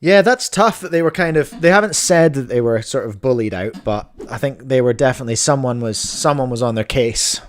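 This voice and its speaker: A man's voice: mid-range voice, brisk, hardly any pauses, a little hiss or hum. A married man, hosting a podcast and chatting casually as he reacts to videos with playful, jokey asides. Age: adult, married.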